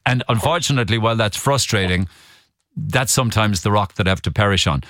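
A man's voice: on the low side, quick pace, dry recording, clean studio sound. A man hosting a radio phone-in, chatty with frequent restarts. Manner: chatty, hesitant restarts, lively delivery. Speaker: radio talk show host.

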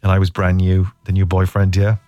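Irish male radio host, 30s, lower register, animated storyteller, light music bed. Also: brisk, dry recording. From Ireland. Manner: animated storyteller, laughs often. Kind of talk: casual radio chat.

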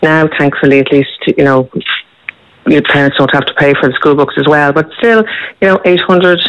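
A woman's voice: low voice, steady tone, moderate pace, no room sound. A woman calling in to a radio show, talking plainly and a little hesitantly. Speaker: caller. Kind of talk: radio phone-in. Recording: dull phone line.

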